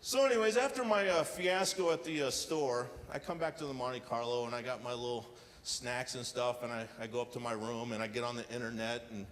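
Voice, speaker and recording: A man performing a stand-up comedy set with deadpan storytelling and acted-out quotes, on a casino showroom stage. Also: mid-range voice, a little fast, slight background noise. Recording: live hall reverb with faint ambience.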